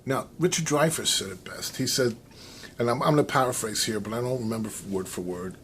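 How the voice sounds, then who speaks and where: A man's voice: medium pitch, a little fast. American man, casual, rambling, lots of fillers, faint hiss behind. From United States. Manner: rambling, animated, with many restarts and fillers. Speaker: vlogger. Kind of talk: casual opinion monologue.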